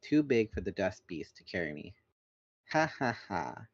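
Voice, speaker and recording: A man reads a novel aloud for a podcast, breaking off for jokes, his pitch rising and falling freely. The recording is muffled and dry, with no room sound. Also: unhurried, no echo. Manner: lively, joking asides. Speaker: podcast host reading aloud. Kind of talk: casual book read-along.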